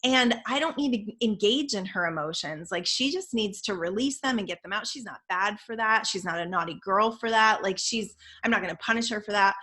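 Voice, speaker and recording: A middle-aged woman co-hosting a casual talk show, telling stories in an animated, emphatic way. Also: mid-range voice, a little fast, few pauses. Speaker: podcast co-host. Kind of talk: casual chat.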